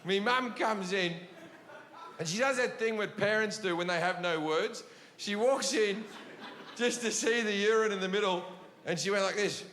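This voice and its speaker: Profane comic in a reverberant hall. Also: male voice, high-pitched, expressive, a little fast, a bit bright, a faint crowd. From Australia. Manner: profane, rambling, with restarts. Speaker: stand-up comedian. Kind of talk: stand-up storytelling. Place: large comedy venue with audience. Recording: live hall reverb, audience noise.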